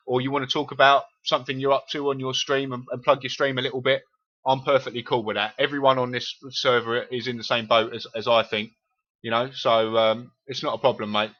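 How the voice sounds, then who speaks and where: A man's voice: mid-range voice, steady tone, quick pace, highs cut off. A man from East London with a Cockney accent, chatting casually and swearing freely with viewers while streaming a game. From England.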